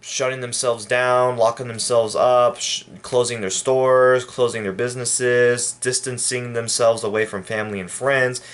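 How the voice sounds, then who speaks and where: Man from El Paso, mid-pitched voice, rambling, halting, indignant vlog rant. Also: little pitch movement. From El Paso, Texas. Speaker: vlogger. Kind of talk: casual opinion rant to camera.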